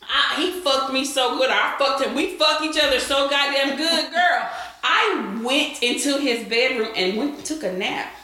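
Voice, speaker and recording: A young adult woman with a high-pitched, unhurried voice co-hosts an explicit, casual podcast. She tells crude stories with animated energy and laughs often, in a very echoey room.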